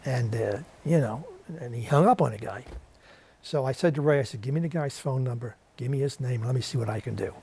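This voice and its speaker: A man's voice: medium pitch, a little fast, vocal fry, mellow, husky. A man with a New York accent, a guest on a TV interview show, telling a story and acting out the voices of the people in it. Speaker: guest, interviewer of war veterans. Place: TV studio.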